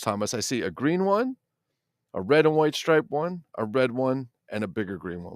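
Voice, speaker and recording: A man's voice: mid-range voice, very animated, moderate pace, no echo, clean studio sound. A middle-aged man hosting a casual toy-collector livestream, rambling and swearing while he reads the chat.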